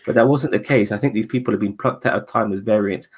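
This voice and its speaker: A man casually chatting as a podcast co-host, animated and swearing freely with slang. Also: on the low side, quick pace, husky. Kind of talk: casual chat.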